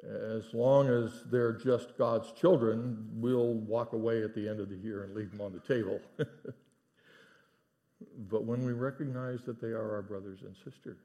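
A middle-aged man preaching a sermon in a church, earnest, dropping to hushed tones for emphasis. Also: fairly low pitch, fairly even intonation, a little slow. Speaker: pastor. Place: church sanctuary.

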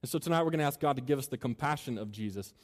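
A man's voice: mid-range voice, racing. A man preaching a sermon to students, joking and chatty at times and earnest at others. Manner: joking and conversational, then earnest and building. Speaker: campus minister. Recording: long reverb of a large hall.

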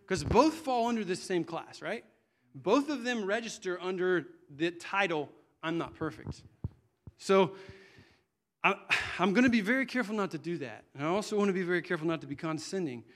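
Middle-aged male preacher, earnest and conversational, slightly high voice, stumbles and restarts mid-thought. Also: lively intonation, a little fast. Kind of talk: sermon.

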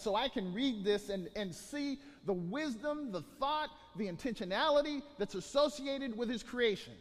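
High-voiced pastor preaching in a reverberant hall. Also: male voice, expressive, normal speed, hardly any pauses. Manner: preaching with rising emphatic bursts and many restarts. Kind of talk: sermon.

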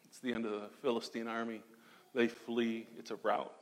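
A man preaching a sermon dramatically, moving between loud declarations and hushed, almost whispered passages. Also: medium pitch, flat delivery, moderate pace, in a large hall. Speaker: pastor.

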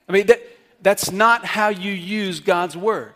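Pastor guy preaching, bit high voice, earnest teaching tone. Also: measured pace, bright, forceful tone. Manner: earnest teaching with questions to the congregation. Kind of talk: sermon. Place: church service.

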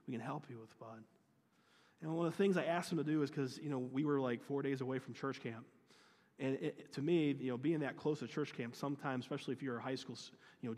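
A man's voice: medium pitch, a little mellow. Earnest man telling a story in a hall. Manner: earnest, with many restarts and quoted dialogue. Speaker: youth pastor. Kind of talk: storytelling sermon.

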